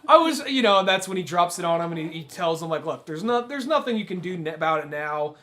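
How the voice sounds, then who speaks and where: A man co-hosting a casual film podcast, retelling scenes with animated energy. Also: high voice, quick pace. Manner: retells scenes animatedly, acting out quoted lines. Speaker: podcast co-host. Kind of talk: casual chat about films.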